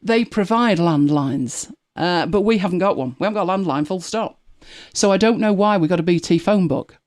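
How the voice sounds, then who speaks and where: This live-podcast host is a woman from Manchester with an English accent, casually chatting and recounting wry everyday stories with laughter. Her voice is on the low side and a bit mellow, moving at a normal speed.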